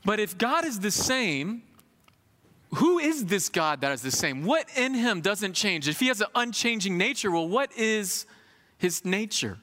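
Male preacher, thirties, high forceful voice, conversational sermon in a hall with long reverb. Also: measured pace. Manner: animated, conversational preaching with folksy asides.

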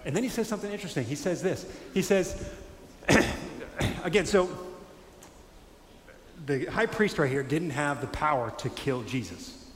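Animated preacher in an echoey hall. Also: male voice, a little high, normal speed, slight background noise. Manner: animated, conversational, acts out quotes. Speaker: pastor. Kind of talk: sermon. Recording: echoey hall with faint ambience.

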